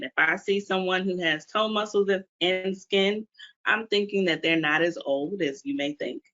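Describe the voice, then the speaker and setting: A woman's voice: medium pitch, bright, forceful tone. A woman from Washington, D.C., a physical therapist, presenting a webinar and putting questions to her audience. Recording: dull lo-fi webinar audio.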